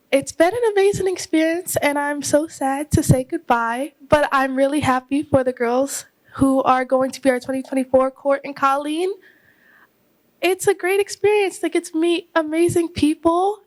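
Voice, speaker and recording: A woman's voice: high voice, poor audio. A young woman giving a polite, earnest thank-you speech at a ball. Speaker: outgoing court member giving a farewell speech. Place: ballroom event.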